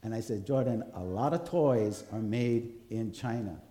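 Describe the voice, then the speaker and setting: A pastor gives a conversational sermon in a relaxed, storytelling manner, frequently turning to the congregation for a nod. His warm, mellow voice sits on the low side and moves a little slowly. The church around him lends the sound a roomy echo.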